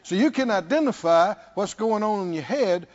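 A man's voice: sits high, expressive, moderate pace, darkish tone, lo-fi sound. A man preaching a sermon, repeating phrases and putting questions to his listeners.

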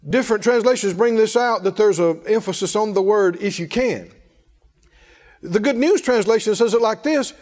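Man, preacher, high-pitched, emphatic, calls out to the congregation, reverberant hall. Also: moderate pace, a little mellow. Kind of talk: sermon.

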